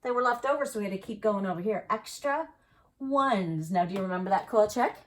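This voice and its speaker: A woman's voice: medium pitch, expressive. A woman teacher giving an early-grade math lesson, counting aloud and asking the children encouraging questions. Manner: slow, encouraging, sing-song counting with questions to kids.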